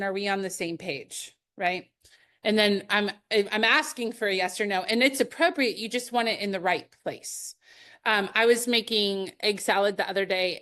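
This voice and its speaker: A woman's voice: medium pitch, a bit bright. Woman, middle-aged, sales trainer, live webinar, upbeat, conversational, anecdotal. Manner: upbeat, conversational teaching with anecdotes and light laughs.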